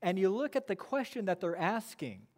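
A man preaching a sermon as pastor, emphatic, with quick asides and slow stressed phrases. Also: sits high, sing-song. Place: church sanctuary. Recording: long reverb of a church hall.

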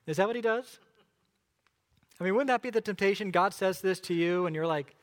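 A man's voice: sits high, expressive, brisk. A man preaching a sermon, telling the story dramatically and asking his listeners questions.

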